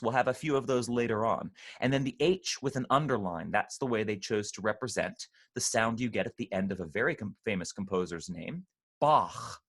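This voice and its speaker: A man leading an online choir rehearsal, patiently explaining pronunciation and slowly demonstrating sounds. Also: on the low side. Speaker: choir director.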